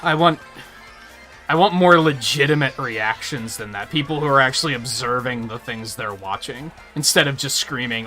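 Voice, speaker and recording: A man ranting and swearing on a live gaming stream, mocking people in loud bursts. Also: medium pitch, moderate pace, faint music behind. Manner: ranting, profane, mocks others in loud bursts.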